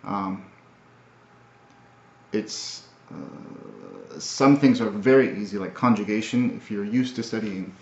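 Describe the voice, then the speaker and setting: Brief: man, low voice, thoughtful and halting self-recorded vlog, echoey room on a muffled mic. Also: darkish tone, slight background noise. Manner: halting, thoughtful, many fillers and restarts. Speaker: language learner. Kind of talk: casual video recap. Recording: roomy, dull lo-fi audio.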